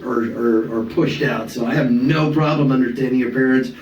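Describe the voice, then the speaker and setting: A middle-aged man, a comedian and voice actor, telling stories in an animated, casual way and swearing freely. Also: medium pitch, normal speed, lo-fi sound, a little hiss or hum. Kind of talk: casual storytelling chat. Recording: echoey room, distant mic.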